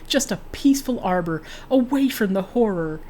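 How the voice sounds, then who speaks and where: A woman's voice: medium pitch, lively intonation, normal speed, mellow, a little hiss or hum. A woman streaming a game, reading a book aloud and breaking off for chatty, giggly asides.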